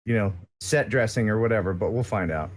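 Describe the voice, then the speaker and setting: A man's voice: lowish voice, brisk, a little hiss or hum. American man rambling in casual chat. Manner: rambling, joking, lots of filler words. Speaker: guest. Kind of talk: casual live-stream chat.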